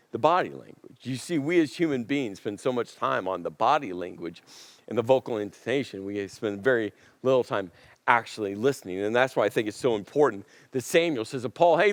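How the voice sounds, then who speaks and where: A man pastor preaching a sermon in a conversational, animated way, acting out quotes. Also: medium pitch, dry recording, clean studio sound.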